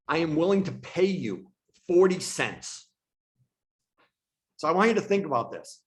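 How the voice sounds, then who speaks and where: A man who leads a real estate team, teaching agents on a video call in a casual way and repeating himself for emphasis. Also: fairly high pitch. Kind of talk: online training presentation.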